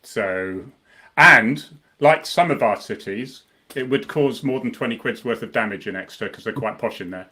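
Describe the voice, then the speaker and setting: Chummy male co-host, mid-pitched voice. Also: moderate pace, bright, forceful tone. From South West England. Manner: chummy, says "mate" often, cheeky banter. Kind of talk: casual chat.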